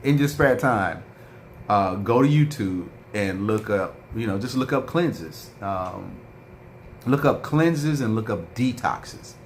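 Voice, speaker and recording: A man's voice: on the low side, animated, slow, slight background noise. A man vlogging in a casual chat, telling a rambling story with lots of fillers and reading out viewer comments.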